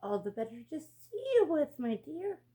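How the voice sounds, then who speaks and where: A crafty wolf from a storybook, pitching his voice high and sweet to pass as a grandmother. A woman reading the tale puts him on. The sugary tone hides a growl underneath. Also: very animated, moderate pace, warm tone. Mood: falsely tender. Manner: sugary put-on voice turning to growls. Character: sly male wolf faking a sweet granny.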